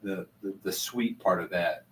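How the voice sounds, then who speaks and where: A man's voice: deep voice, normal speed, a bit bright, slight background noise. A man hosting a casual whiskey tasting chat at a bar, enthusiastic and full of stammering restarts, heard from a distant mic. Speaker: host.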